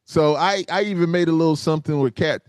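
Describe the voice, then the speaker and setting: An older man hosting a podcast interview, talking in an animated, casual way, laughing often and calling his guest "man". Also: fairly high pitch, quick pace, no room sound. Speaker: podcast host.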